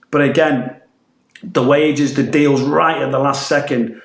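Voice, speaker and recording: A former footballer who grew up in northeast England, with a Manchester-tinged accent, speaks in a gravelly, steady, medium-pitched voice at a moderate pace. He chats earnestly on a casual podcast, rambling and restarting, and the sound is reverberant.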